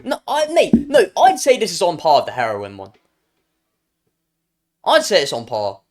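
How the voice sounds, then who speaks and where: A young man with a British accent, chatting live on stream with a light, higher-pitched voice. His tone swings widely as he jokes and teases his chat. He often stumbles and restarts mid-sentence. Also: huge pitch swings, moderate pace. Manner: joking, playful, trails off and restarts.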